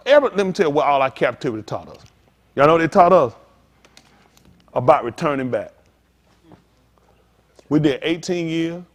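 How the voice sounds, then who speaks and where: Animated high-voiced preacher in a hall. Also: male voice. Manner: lively preaching with call-outs to listeners, acted asides and drawn-out lines. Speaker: pastor. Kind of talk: sermon.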